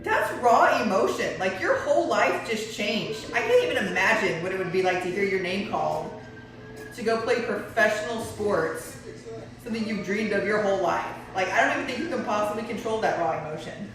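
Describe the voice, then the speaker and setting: A woman's voice: medium pitch, animated, a little fast, over music. A woman co-hosting a casual live chat, chatty and full of "like". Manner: chatty, says "like" often. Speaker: co-host. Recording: echoey room, far mic, crowd behind.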